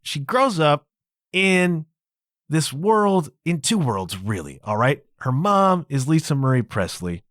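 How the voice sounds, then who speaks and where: Lively, emphatic male podcast host. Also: on the high side, slow, no echo, studio quality. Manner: emphatic, conversational, keeps checking in with the listener. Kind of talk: solo podcast monologue.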